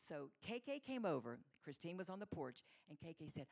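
A middle-aged woman delivers a sermon full of personal stories, slipping into the voices of the people she describes. Her voice sits low with a gravelly edge. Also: a little fast. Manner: animated storyteller acting out voices. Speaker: women's Bible teacher.

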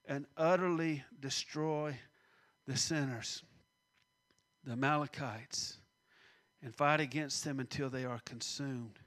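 A preacher man with a bright, forceful voice that sits a little high for a man. He preaches a sermon with animation, acting out the scripture voices and sinking to a near-whisper at times.

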